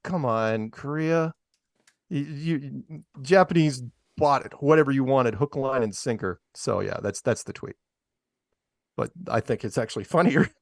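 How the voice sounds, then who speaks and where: A medium-pitched man hosts a casual podcast chat show, sarcastically mocking the news items he reads and chuckling at his own gags. The recording is studio quality with no echo.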